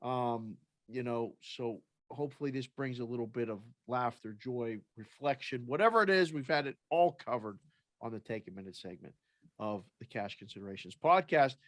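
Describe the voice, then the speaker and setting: A man's voice: medium pitch, moderate pace, fairly bright tone, dry recording. A man hosting a sports podcast, chatting in an upbeat way and plugging the show's segments. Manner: upbeat, chatty, plugs the show. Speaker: podcast host. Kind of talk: casual podcast chat.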